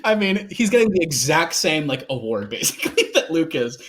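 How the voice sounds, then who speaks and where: A man's voice: fairly high pitch, very animated, fairly quick, a bit bright, a little hiss or hum. A man co-hosting a movie podcast, rambling casually with lots of fillers and laughter. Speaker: podcast co-host. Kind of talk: casual film discussion.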